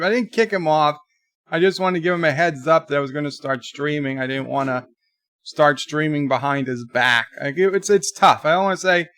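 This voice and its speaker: A man's voice: on the high side, normal speed, fairly bright tone, no echo, clean studio sound. A man hosting a casual live stream, rambling between topics and reading viewer chat aloud.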